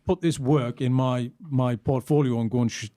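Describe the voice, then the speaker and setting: A man hosting a podcast, chatting casually and telling animated stories. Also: mid-range voice, normal speed. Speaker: podcast host. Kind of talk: casual chat.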